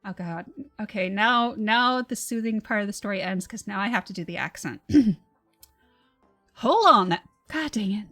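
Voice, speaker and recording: A woman reading her own fantasy novel on a livestream, with soft, measured narration and casual asides. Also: medium pitch, soft background music. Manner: soft, measured narration, laughs between passages.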